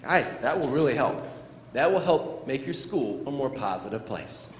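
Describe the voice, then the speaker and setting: A man's voice: medium pitch, big pitch swings, moderate pace. A man giving a playful motivational talk to schoolchildren, acting out little scenes. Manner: playful, acts out scenes for children. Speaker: motivational speaker. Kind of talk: animated school assembly talk. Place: school gym or auditorium. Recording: echoey hall, faint crowd noise.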